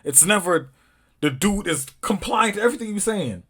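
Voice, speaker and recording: A man's voice: high-pitched, animated, moderate pace, a bit bright, slightly rough. An angry man reacting to a video, swearing and emphatic, with an African American English accent and rising outbursts. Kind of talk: heated casual reaction commentary.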